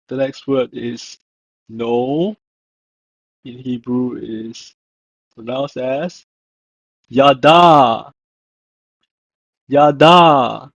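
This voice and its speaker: A language teacher with a medium-pitched, mellow voice narrates a slow, scripted lesson, saying each word and then repeating it with stress. The voice-over is dull and lo-fi, with no echo.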